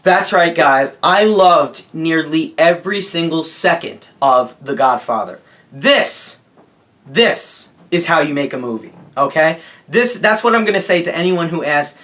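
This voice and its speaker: A man's voice: fairly high pitch, normal speed, a bit bright. A young man giving a casual, gushing video review of a film, stressing points and often asking his viewers "okay?". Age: young adult. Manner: gushing, emphatic, asks "okay?" and says "guys" often. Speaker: movie reviewer.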